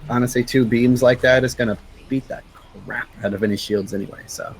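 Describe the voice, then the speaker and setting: A man's voice: medium pitch, fairly even intonation, brisk, crowd noise, poor audio. A man co-hosting a live gaming stream, giving instructive advice and rattling off game loadouts. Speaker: co-host player.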